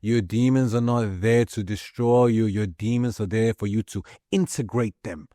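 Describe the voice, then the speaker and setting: Low-voiced man giving profane pep talk. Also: fairly even intonation, moderate pace, dark tone, dry recording, studio quality. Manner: profane, repetitive, emphatic. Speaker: motivational speaker. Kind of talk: impassioned spiritual pep talk.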